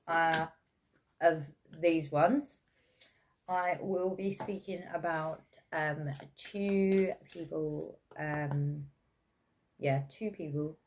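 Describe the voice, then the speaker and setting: A woman with an English accent giving a casual, chatty tarot reading, with many fillers and frequent laughs. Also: fairly low pitch. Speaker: tarot reader.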